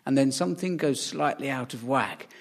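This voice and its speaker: A man's voice: mid-range voice, moderate pace, vocal fry, slight background noise. A man on a comedy panel, ranting in a mocking way and mimicking posh voices. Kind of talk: comic rant.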